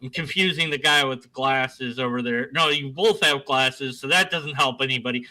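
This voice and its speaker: A man's voice: mid-range voice, lively intonation, moderate pace, pushed and bright, poor audio. A man rambling goofily and self-deprecatingly as a guest on a casual online panel, speaking from his desk at home.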